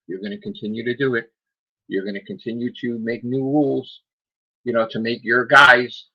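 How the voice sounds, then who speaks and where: A man's voice: mid-range voice, lo-fi sound. A man hosting a gaming podcast, ranting defiantly and sarcastically, firing off rhetorical questions. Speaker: podcast host. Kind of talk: solo rant on a gaming podcast.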